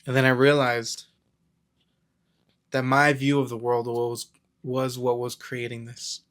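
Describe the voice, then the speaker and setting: In a slow, level, mid-range voice with a fairly bright tone, a male self-help vlogger chats to camera about mindset. The casual motivational talk wanders through stories, heavy with filler words and performed quotations.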